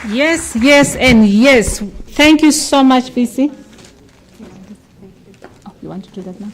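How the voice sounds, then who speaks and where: A woman's voice: high voice, lively intonation, takes it slowly, faint music behind, some chatter behind. Chatty woman hosting a ceremony. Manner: chatty, off-the-cuff, checks with the team aloud. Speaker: master of ceremonies. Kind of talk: informal hosting of a formal ceremony. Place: university function hall.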